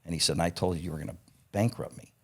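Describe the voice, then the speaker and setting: Blunt, profane deep-voiced man in his fifties. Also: very fast, creaky, fairly bright tone, husky. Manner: profane, blunt, acts out quoted dialogue; chuckles between lines. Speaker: podcast guest, parts company founder. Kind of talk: casual anecdotal storytelling.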